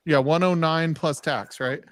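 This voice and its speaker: Man, higher voice, joking, casual, dry close sound. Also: a little slow, a bit bright, dry recording. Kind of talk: casual group chat.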